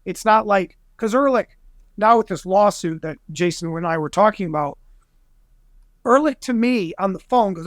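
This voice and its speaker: A man guesting on a podcast, telling a story in an excitable, rambling way and acting out other people's voices. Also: high-pitched, moderate pace, no echo, clean studio sound. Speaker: guest investigator. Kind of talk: animated storytelling in conversation.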